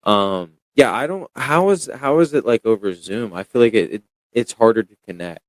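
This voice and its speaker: A young man talking loudly and excitedly in a casual podcast chat, full of slang. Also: on the low side, normal speed, dry recording. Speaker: podcast guest.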